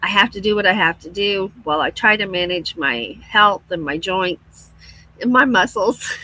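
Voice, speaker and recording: A middle-aged woman hosts a casual livestream, laughing a lot and reading viewer comments aloud. Her voice sits on the low side, with a bright, forceful tone, and the audio quality is poor.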